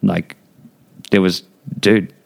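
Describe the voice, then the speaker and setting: Deep-voiced blunt young man. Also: flat delivery, slow pace, vocal fry, darkish tone. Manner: blunt, heavy swearing and filler words. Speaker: podcast guest. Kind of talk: casual conversational storytelling.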